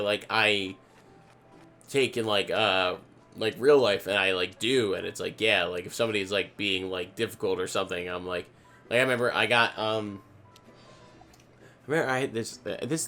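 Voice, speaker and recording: A man's voice: lowish voice, a bit bright. A young man telling a long, rambling story in a casual chat over a card game, full of "like" and restarts. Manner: rambling storyteller, heavy use of "like", many restarts. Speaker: podcast co-host. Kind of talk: casual chat while gaming.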